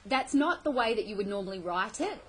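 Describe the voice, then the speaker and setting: A woman's voice: mid-range voice, lively intonation, a little fast, low-quality recording. A middle-aged woman teaching a play in a classroom, explaining patiently and often checking "okay?" with her students. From Australia. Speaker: English teacher.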